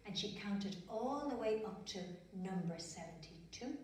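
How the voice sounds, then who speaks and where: A woman tells a children's story slowly, with lively, sweeping pitch and playful sound effects. She is heard from a distance in a room with a lot of echo. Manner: slow, lively and expressive, adds sound effects. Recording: echoey room from far off.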